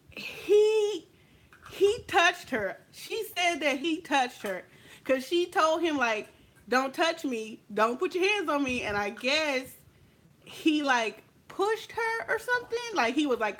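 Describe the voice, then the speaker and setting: A young woman from California telling a story in a casual, animated way, acting out what her friends said. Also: sits high. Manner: animated, acts out friends' lines. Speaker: makeup vlogger telling a story.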